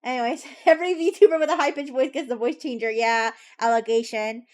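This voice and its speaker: Woman, young, high pitch, giggly, teasing, live-stream chat at a desk mic. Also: steady tone, fairly quick, a little mellow. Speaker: VTuber streamer.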